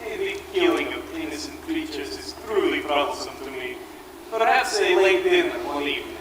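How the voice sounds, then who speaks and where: A young man in a school stage play playing a sinister aristocratic vampire count with smooth, menacing formality. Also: on the high side, expressive, moderate pace, close to an everyday voice. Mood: courteous. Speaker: high school actor. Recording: echoey hall, distant mic, noisy.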